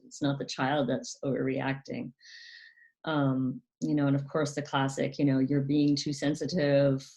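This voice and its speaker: A woman hosting a casual educational talk, speaking softly with many ums and acting out quoted parents in a higher voice. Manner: soft-spoken, frequent ums, quotes parents in a higher, sharper voice. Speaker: channel host.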